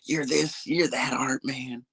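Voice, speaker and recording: Cranky old guy nagging and whining, breathy and gravelly, a man mocking him. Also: mid-range voice, fairly even intonation, slow pace, a bit bright, pitched above the performer's own voice, full character voice. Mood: mocking whine. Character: grumpy old man scolding, whiny and fussy.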